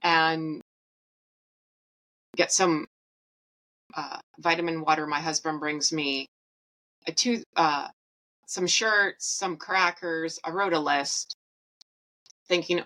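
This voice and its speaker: Low, bright-toned woman telling her story. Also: steady tone, takes it slowly, long pauses, low-quality recording. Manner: candid, wry and emotional, with quoted asides. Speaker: podcast host. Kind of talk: personal storytelling monologue.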